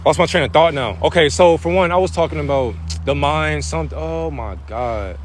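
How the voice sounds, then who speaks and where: Man, slightly high voice, streaming spiritual talk off the cuff, swears freely, slangy, builds to preachy bursts. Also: normal speed, a little hiss or hum. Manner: loose, profane, street-slang talk.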